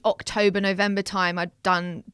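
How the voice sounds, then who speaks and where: A woman's voice: medium pitch, normal speed, clear, resonant tone, dry recording, clean studio sound. A young woman, chatting casually as a podcast guest and acting out the voices of people she quotes. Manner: animated, acts out quoted voices. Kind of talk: casual interview chat.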